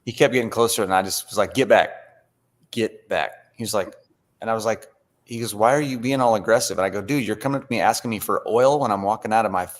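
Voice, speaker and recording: A man co-hosting a casual live-stream chat, telling blunt anecdotes with quoted back-and-forth. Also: medium pitch. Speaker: co-host.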